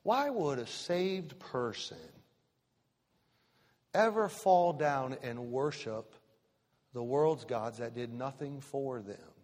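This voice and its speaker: A man's voice: mid-range voice, takes it slowly, long pauses, a little mellow. A man preaching a sermon as pastor, emphatic and repetitive, asking the congregation direct questions. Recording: reverberant church hall.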